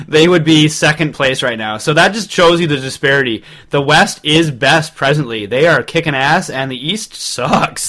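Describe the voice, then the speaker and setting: A man's voice: on the high side, sharp tone. A young man co-hosting a casual hockey podcast, jokey and giggly, often slipping into silly voices. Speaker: podcast co-host.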